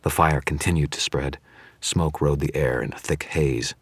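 Very deep, husky male narrator. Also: fairly even intonation, no echo. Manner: measured, dramatic storytelling. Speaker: audiobook narrator. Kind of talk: scripted narration.

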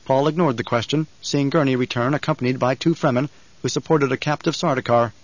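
Steady male narrator for a novel; dry, muffled read. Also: mid-range voice, fast talker, no room sound. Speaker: audiobook narrator. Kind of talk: scripted narration.

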